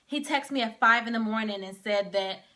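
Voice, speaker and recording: A young woman with a bright, fairly high voice tells a personal story straight to camera. She talks casually, drops "like" throughout, and gets caught up in what she is reliving. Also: fairly quick. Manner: casual, heavy use of "like", emotional retelling.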